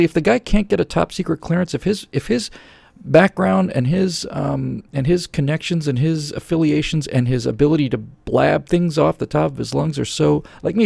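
A man's voice: on the high side, gravelly, darkish tone, breathy edge, no echo. A middle-aged man hosting a show, answering viewer questions in a sarcastic, opinionated political rant close to a studio microphone. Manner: sarcastic, ranting, jumps into mocking voices.

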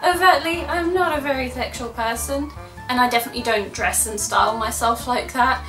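A woman's voice: a little high, fairly quick, sharp tone. A young woman from Russia talking casually to camera, chatty and sarcastic, laughing often. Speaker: vlogger. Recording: echoey room from a distance, music behind.

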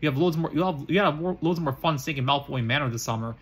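A man's voice: fairly high pitch, fast talker, breathy edge. A man reading as a proud young wizard boy. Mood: plain. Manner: plain read-aloud, stumbling restarts.

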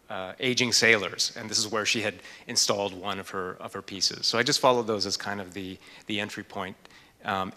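A man's voice: fairly low pitch, sharp tone. A man, an author and art historian, speaking in a panel discussion in a thoughtful, hesitant way with frequent fillers. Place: lecture hall. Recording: reverberant hall.

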